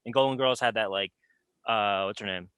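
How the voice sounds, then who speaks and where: Fast-talking bright young man, dry mic. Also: lowish voice, smooth, no echo. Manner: quick, bright, chatty anecdote telling. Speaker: podcast co-host. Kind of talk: casual chat.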